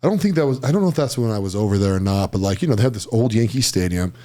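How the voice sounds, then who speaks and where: A man telling stories as a guest on a podcast, talking fast and quickly acting out what other people said. His voice swings up and down a lot, and he laughs his way through his sentences. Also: on the low side. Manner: animated storyteller who acts out other people's lines; laughs often mid-sentence. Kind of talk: casual storytelling chat.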